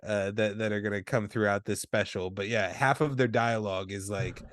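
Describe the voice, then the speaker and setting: A man in casual podcast talk about a film, relaxed and rambling, often trailing off into quiet asides. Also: fairly low pitch, brisk, no room sound, clean studio sound. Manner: relaxed, rambling, many fillers and restarts, drops to quieter asides. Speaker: podcast co-host. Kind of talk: casual movie discussion.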